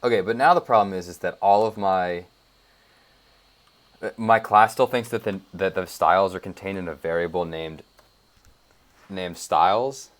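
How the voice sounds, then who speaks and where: In a relaxed screencast coding tutorial, a young man who works as a web developer thinks out loud while walking through his code. He speaks in a low voice at a moderate pace with long pauses, scattering fillers and asides throughout.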